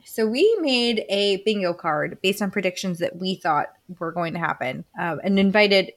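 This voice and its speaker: A woman's voice: medium pitch, normal speed. A woman co-hosting a casual book podcast, leading the talk, reading out list items and laughing often. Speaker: podcast co-host.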